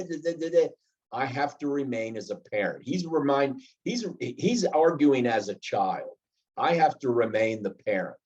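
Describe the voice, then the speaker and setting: A man's voice: medium pitch, a little mellow. A middle-aged man teaching a leadership class, walking through workplace examples step by step and acting out short bits of dialogue. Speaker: leadership trainer. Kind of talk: classroom lecture. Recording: slightly dull lo-fi sound.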